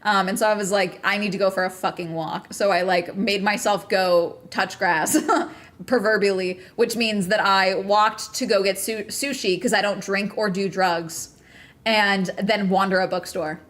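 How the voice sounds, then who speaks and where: A woman's voice: mid-range voice, fairly even intonation, a little slow, a bit bright. A woman streamer in casual livestream chat, still agitated and ranting with lots of swearing and bursts of laughter.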